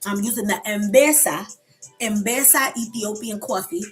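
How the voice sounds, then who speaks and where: A woman hosts a relaxed live coffee chat and talks straight to her viewers. She rambles in a loose, friendly way and answers their comments as they come in. Soft music plays faintly behind her. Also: mid-range voice, unhurried, poor audio.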